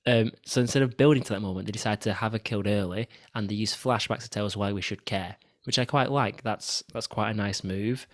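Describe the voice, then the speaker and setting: A man steering a film review podcast with a fairly low voice. He gives dry, wry asides between his points. The recording is close and without room sound. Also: brisk, few pauses, no room sound. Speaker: podcast co-host. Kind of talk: casual film review chat.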